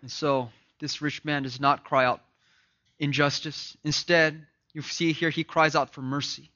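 A man preaching an impassioned sermon that swings between loud emphasis and hushed, grave lines, often repeating words. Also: fairly high pitch, level tone, a little slow. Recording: dull lo-fi recording.

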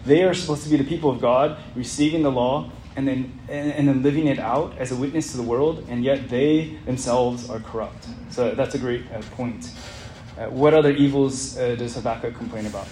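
A man's voice: mid-range voice, fairly even intonation, brisk, warm tone. A man teaching an interactive Bible study lesson in an earnest way, putting questions to the group as he reads. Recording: roomy echo, faint background noise.

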